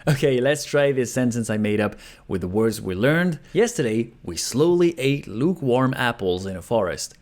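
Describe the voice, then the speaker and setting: A young man hosting an educational video, explaining grammar and slowing down to model pronunciation. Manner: lively, varied pitch, slows to model words. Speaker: language teacher and channel host.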